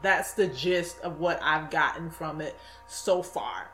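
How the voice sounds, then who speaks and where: A woman hosting a chat show, recapping the story at an unhurried pace and hedging her details. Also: low-pitched, fairly bright tone, faint music behind. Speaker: show host. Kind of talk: casual chat. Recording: echoey room.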